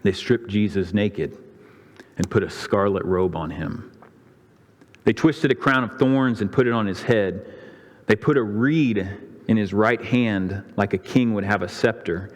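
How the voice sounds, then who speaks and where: Pastor, male, lower pitch, dramatic sermon storytelling, church-hall reverb. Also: a little slow. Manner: dramatic storytelling, voicing the crowds' and priests' lines with rising pitch. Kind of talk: sermon retelling a scripture story. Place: church sanctuary.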